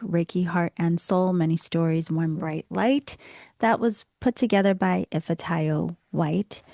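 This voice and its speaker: A woman with a Boston accent hosts a podcast, her lowish voice carrying a gravelly fry. She gushes warmly over her guest, and the sound is close and dry with no room around it. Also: no room sound. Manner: effusive, gushing with praise. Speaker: podcast host. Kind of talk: podcast interview.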